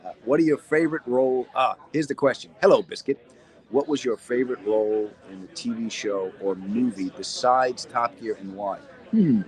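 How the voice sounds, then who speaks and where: A man's voice: fairly low pitch, poor audio. Middle-aged comic guy chatting live from his cellar, rambling, jokey, reading viewer questions. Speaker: comedian and actor hosting a live chat. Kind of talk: casual live-stream chat. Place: cold cellar corner, indoors.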